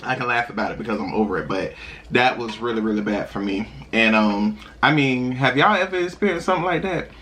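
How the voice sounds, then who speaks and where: A young man vlogging while eating, telling a personal story in a chatty, animated way with sudden high laughs. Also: a little fast. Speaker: mukbang vlogger.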